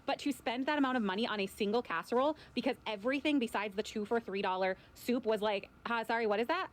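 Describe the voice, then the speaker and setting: Midwest lady ranting quick about grocery prices, annoyed, lots of likes. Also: fairly high pitch. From American Midwest. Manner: fast, exasperated, filler-heavy. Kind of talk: casual vlog rant about prices.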